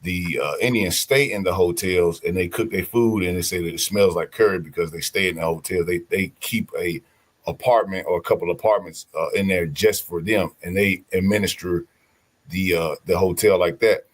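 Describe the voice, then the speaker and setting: A man telling stories in casual podcast chat, animated, slangy and profane. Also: low voice, normal speed.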